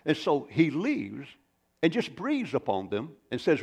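Gravelly-voiced man preaching a sermon. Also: on the high side, wildly swooping pitch, a little slow, darkish tone. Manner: folksy storytelling with rambling asides. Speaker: pastor.

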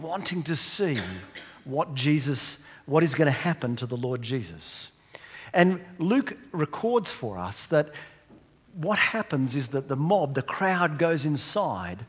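Husky male preacher in a reverberant hall. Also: on the high side. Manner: emphatic, asks the congregation rhetorical questions. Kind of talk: sermon.

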